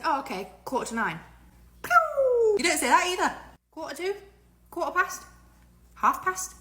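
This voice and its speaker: A British woman tells a story to camera in a chatty, amused manner. Her voice is bright and sits slightly high. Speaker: vlogger.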